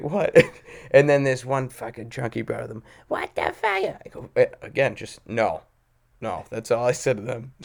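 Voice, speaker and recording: A man swapping stories on a podcast, profane and confrontational, laughing as he goes. He puts on other people's voices in his anecdotes, and his voice sits at a middling pitch. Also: gravelly, a little mellow. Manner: petty and confrontational. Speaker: podcast co-host. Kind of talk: casual storytelling chat.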